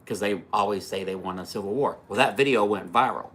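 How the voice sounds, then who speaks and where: A man's voice: lowish voice, brisk, fairly bright tone. A man in his fifties hosting a livestream, telling stories in a rambling, profane way with many fillers and restarts. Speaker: livestream host. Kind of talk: casual livestream storytelling.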